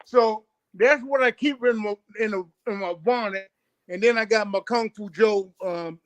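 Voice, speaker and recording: A playful man in his fifties from Baltimore jokes around as a guest. His voice is high for a man and sounds dry and close, with no room echo. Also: moderate pace, fairly bright tone. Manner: joking and playful.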